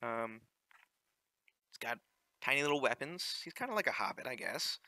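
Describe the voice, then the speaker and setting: A young man narrates his own gameplay in a relaxed, joking way. He fills pauses with ums and talks straight to his viewers. His voice is sharp and bright, recorded dry and close. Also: medium pitch, no room sound. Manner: chatty, joking asides with many ums. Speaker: let's play host. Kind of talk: casual game commentary.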